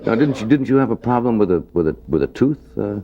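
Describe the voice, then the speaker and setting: A man's voice: on the low side, lively intonation, fast talker, lo-fi sound, soft background music. A man hosting a late-night talk show, chatting easily with guests and chuckling along. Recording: hissy old TV broadcast.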